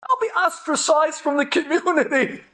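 A man's voice: very high-pitched, animated, moderate pace, bright, forceful tone, voice pushed up, full character voice. A man voicing a vain, snobbish businessman who refuses a cheap rental car. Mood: indignant. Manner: whiny, indignant.

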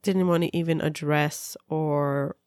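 A woman's voice: low-pitched, steady tone, slow pace, a little mellow, clean tone, no room sound, studio quality. A middle-aged woman from Israel telling a personal story earnestly, often repeating words for emphasis. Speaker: speaker sharing a personal story.

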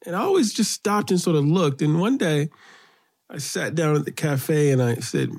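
A middle-aged man from Brooklyn, New York, guest in an interview, telling childhood stories in an animated way, his voice lifting when excited. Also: normal speed. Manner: animated storyteller, rises in pitch when excited. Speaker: guest, children's author and poet. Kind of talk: storytelling interview.

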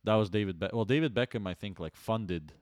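A man's voice: on the low side, fairly quick, no room sound, studio quality. A man from Canada co-hosting a casual podcast, arguing his point in a laid-back way with easy laughs. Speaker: podcast co-host. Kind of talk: casual chat.

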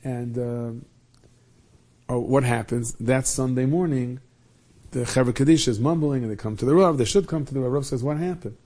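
Mellow-voiced man telling a Hasidic tale. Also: medium pitch, moderate pace. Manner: lively retelling with many Yiddish and Hebrew terms. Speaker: storyteller.

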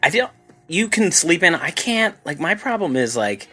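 A man's voice: fairly high pitch, very animated, sharp tone, husky, faint music behind. A man co-hosting a casual comedy podcast, joking, laughing and swearing. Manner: joking, profane, quick to laugh. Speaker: podcast co-host.

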